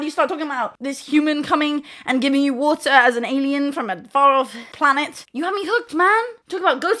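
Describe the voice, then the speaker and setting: A woman's voice: sits high, a bit bright. Chatty young woman rambling. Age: 20s. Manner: chatty, jumps between tangents, swears casually; slips into playful put-on accents. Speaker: host. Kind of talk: rambling casual monologue.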